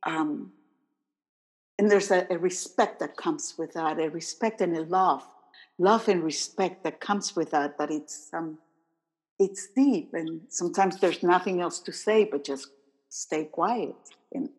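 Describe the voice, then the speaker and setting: A woman hosting an interview, talking in a halting way as she searches for words. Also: lowish voice, a little mellow, slightly rough. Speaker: podcast host. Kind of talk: casual conversation.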